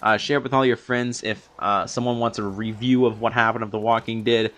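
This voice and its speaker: A man's voice: lowish voice, fairly even intonation, brisk, a bit bright. A young man recapping a TV episode in a long, rambling unscripted review, full of fillers and restarts. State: a little out of breath from long talking.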